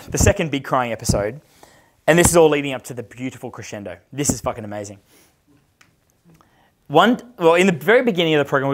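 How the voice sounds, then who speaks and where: An Australian man in his thirties, speaking in a fairly high register, tells a rambling story in a casual, profane way. He coaches men on dating and drops into the voices of the people he quotes.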